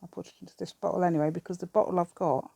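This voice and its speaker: A woman's voice: fairly low pitch, fairly even intonation, racing, vocal fry, mellow, breathy edge, no echo. A British woman hosting a craft channel, chatting through a crafting demonstration and rambling to herself with giggly asides.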